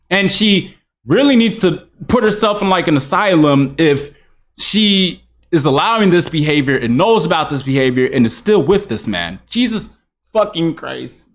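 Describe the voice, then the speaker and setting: A young man hosting a reaction video, with blunt, rambling commentary and swearing. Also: fairly high pitch.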